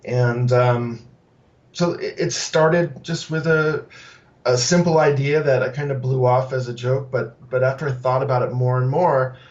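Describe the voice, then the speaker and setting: A man's voice: medium pitch, steady tone, measured pace, far from the mic, dull audio. A man being interviewed on a podcast about his food truck, talking casually with many fillers and restarts. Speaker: guest, food truck owner.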